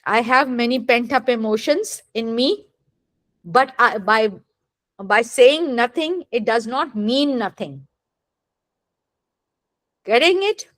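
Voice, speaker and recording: A literature teacher speaks in an expressive, higher-leaning woman's voice, captured dry. During her deliberate classroom lecture she repeatedly checks understanding by asking the students rhetorical questions.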